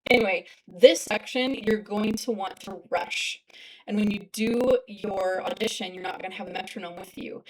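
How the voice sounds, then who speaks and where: A woman's voice: medium pitch, a little hiss or hum, low-quality recording. A woman clarinet teacher giving a casual lesson, sometimes singing rhythms aloud to show them. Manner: sings rhythms aloud to demonstrate.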